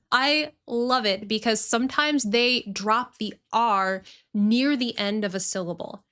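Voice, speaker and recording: A woman teaching English pronunciation, explaining clearly and repeating words deliberately. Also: on the high side, a bit bright. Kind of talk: pronunciation lesson.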